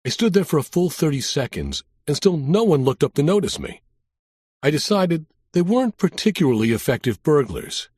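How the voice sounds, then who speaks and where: A man narrating a first-person thriller audiobook in a wry, deadpan detective voice. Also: a little high, moderate pace, breathy edge, no echo, clean studio sound.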